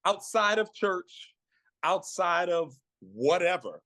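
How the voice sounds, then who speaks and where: A man on a podcast, earnestly telling a personal story of faith in a reflective way, slowing down at the emotional moments. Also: sits high, sing-song, pushed and bright, dry recording. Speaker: guest, actor and singer.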